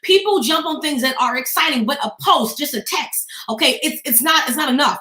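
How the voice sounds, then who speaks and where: A woman business coach giving an energetic, talkative motivational talk to the camera, emphatic and peppered with "okay?". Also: sits high, a little fast, echoey room.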